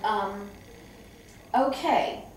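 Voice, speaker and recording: A middle-aged woman who trains staff at a memory care home, telling lively stories and acting out the voices of people she quotes. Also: mid-range voice, extremely slow, a little hiss or hum. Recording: echoey room, far from the mic.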